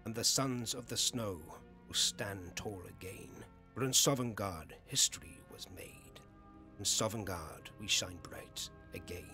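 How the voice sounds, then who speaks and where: A man's voice: fairly low pitch, takes it slowly, sharp tone, faint music behind, voice pushed down, heavily acted. A man putting on an old man's voice to read an epic poem in a grave chant, slipping into whispers, his voice weak and strained.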